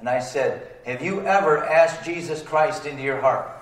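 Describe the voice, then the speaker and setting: A man's voice: on the high side, moderate pace. A man preaching a sermon as pastor, talking in plain colloquial speech and asking the congregation for amens. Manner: call-and-response, asking for amens. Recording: roomy sound, distant from the mic.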